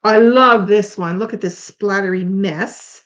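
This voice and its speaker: A woman's voice: mid-range voice, measured pace. A middle-aged woman from Canada hosting a casual craft demonstration, chatty and tired, thinking aloud with unsure asides. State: tired, yawning. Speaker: craft tutorial host. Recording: slightly dull lo-fi sound.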